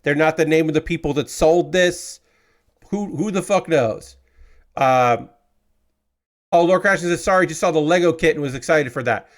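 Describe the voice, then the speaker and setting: Man, live-stream host, casual rambling chat, slightly higher voice, frustrated. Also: normal speed. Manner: rambling, with many fillers and swearing. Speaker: streamer building model kits.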